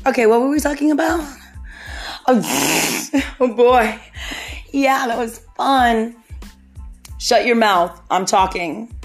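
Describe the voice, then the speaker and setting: A woman hosting a podcast, riffing in a casual comedic way, animated and jokey, often slipping into quick impressions. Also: on the high side, soft background music. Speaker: podcast host.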